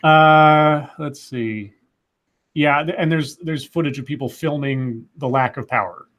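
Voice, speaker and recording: A man's voice: a little high, unhurried, fairly bright tone. A man hosting a casual podcast, reading news stories aloud and adding sarcastic asides. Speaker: podcast host.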